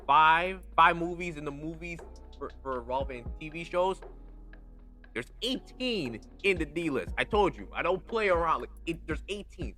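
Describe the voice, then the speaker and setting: A man hosting a podcast in a casual solo chat, talking with slang and emphasis, dropping to low asides and rising to excited highs. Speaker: podcast host.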